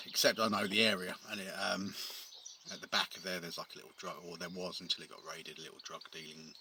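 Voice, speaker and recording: A man's voice: low voice, gravelly. A man, a painter and decorator, telling a rambling story to camera outdoors, with wry asides and many ums. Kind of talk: casual storytelling vlog. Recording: loud outdoor background noise. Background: birdsong and outdoor noise.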